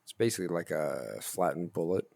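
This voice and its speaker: A man's voice: low-pitched, lively intonation, fairly quick, gravelly, darkish tone, no echo. A man hosting a casual podcast, posing absurd questions with a straight face. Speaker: podcast host.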